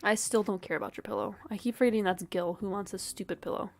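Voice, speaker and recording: A young adult woman streaming a game, chatting casually and rambling with lots of "like", wry asides and soft laughs. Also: mid-range voice, steady tone, fast. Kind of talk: casual gameplay commentary.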